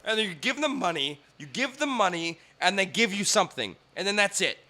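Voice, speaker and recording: A man's voice: sits high, very animated, a little fast, sharp tone. A young man from Canada, ranting profanely in casual podcast chat and mimicking others in put-on voices. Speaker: podcast guest.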